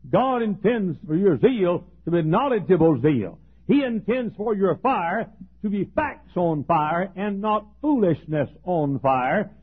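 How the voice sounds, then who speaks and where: Husky preacher on tinny old tape. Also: male voice, high voice. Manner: folksy preaching with chuckles and restarts. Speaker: pastor. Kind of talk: sermon.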